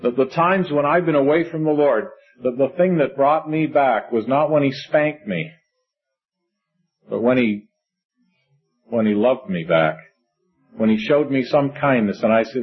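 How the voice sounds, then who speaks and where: Middle-aged male preacher, husky, earnest sermon delivery, lo-fi recording. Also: medium pitch, unhurried, long pauses. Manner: earnest, reads scripture in old-fashioned wording, conversational asides. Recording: dull lo-fi recording.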